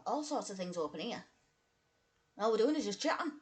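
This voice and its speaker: A woman chatting casually on a live stream, a little tipsy, self-deprecating and quick to laugh. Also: medium pitch, expressive.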